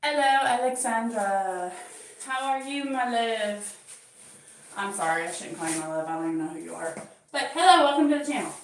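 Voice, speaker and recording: A woman hosts her channel, chatting casually with live viewers and laughing often while she cleans her home bathroom and talks to her cat. Her voice is a little high and expressive at a normal speed. The recording is echoey, with her voice far off and faint background noise.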